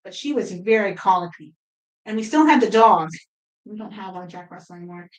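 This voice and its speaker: A middle-aged woman hosting a sewing video, telling a rambling, animated story in casual chat. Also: mid-range voice, brisk, low-quality recording. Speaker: quilting video host.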